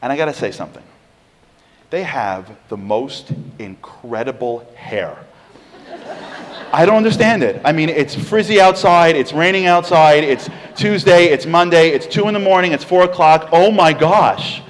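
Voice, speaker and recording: A woman's voice: deep voice, animated, moderate pace, long reverb tail. A man doing a gushing, amazed office lady. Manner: gushing, bewildered questions. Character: amazed curious office worker woman.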